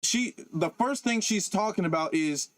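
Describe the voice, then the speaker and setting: A man's voice: high-pitched, lively intonation, moderate pace, no echo. A man giving reaction-video commentary, talking emphatically and repeating himself, with many interjections of "okay". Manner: repetitive, emphatic, often says okay.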